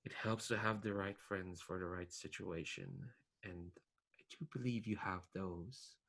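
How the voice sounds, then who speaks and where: A man voicing a chiding ghost mentor, soft and slow. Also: low-pitched, full character voice, poor audio. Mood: ominous. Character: ghostly male alchemist mentor, chiding and regretful.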